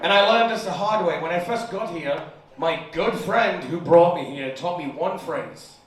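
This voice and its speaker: A man's voice: on the high side, normal speed. Brash British man doing stand-up. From United Kingdom. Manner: brash, profane storytelling, acts out dialogue. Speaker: stand-up comedian. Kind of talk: stand-up comedy set. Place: comedy bar showcase, indoors. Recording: distant mic, heavy room echo, audience laughter.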